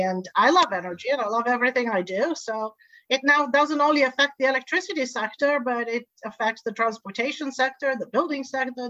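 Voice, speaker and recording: A woman's voice: fairly high pitch, no room sound. Enthusiastic woman guest, lo-fi sound. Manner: enthusiastic, lively storyteller with frequent laughs. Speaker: interview guest, energy executive. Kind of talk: conversational interview. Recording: dull lo-fi recording.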